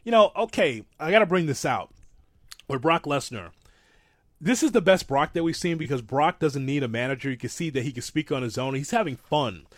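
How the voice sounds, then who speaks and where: A man co-hosting a wrestling talk show, rambling and animated, calling himself an old-school fan. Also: on the high side, brisk, no room sound. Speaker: podcast co-host.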